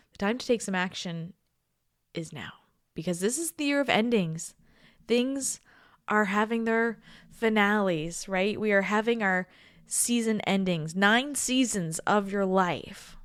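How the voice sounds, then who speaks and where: A woman in her thirties hosting her own podcast, talking in a reflective, confiding way. She is tired and emotional, slips into soft near-whispers and laughs often. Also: medium pitch, measured pace, no room sound, studio quality. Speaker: podcast host. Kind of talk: casual solo podcast talk.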